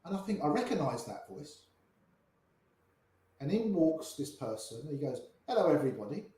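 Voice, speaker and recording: A man's voice: fairly high pitch, sing-song, moderate pace, mellow. An older man with grey hair telling poker anecdotes in an interview, acting out the voices of people in his stories. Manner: anecdotal, acts out quoted voices. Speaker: poker player guest. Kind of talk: storytelling interview. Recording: echoey room.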